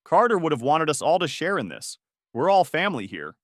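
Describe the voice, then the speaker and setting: A man's voice: on the high side, big pitch swings, brisk, no echo, studio quality, pitched above the performer's own voice. A man voicing a smug middle-aged uncle who talks in a condescending, businesslike way.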